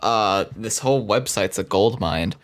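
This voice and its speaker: A young man co-hosting a podcast, teasing his friends with playful, deadpan banter in casual chat. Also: fairly low pitch, measured pace. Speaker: podcast co-host.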